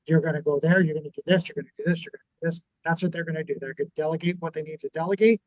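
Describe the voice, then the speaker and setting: A man's voice: on the high side, fairly even intonation, rapid-fire, dry recording, muffled recording. A middle-aged man co-hosting a scripture-and-business chat, telling stories and acting out the lines people said, often repeating words as he restarts. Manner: storytelling, acts out quoted dialogue, repeats words when restarting. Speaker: podcast co-host and business owner.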